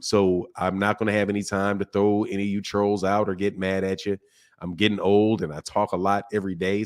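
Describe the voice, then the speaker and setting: A middle-aged man hosting a boxing live stream, chatting casually with viewers while he keeps his slightly strained voice soft. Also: lowish voice. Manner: greets chat viewers by name, loose and joking. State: slightly strained voice, speaking softly. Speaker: boxing channel host.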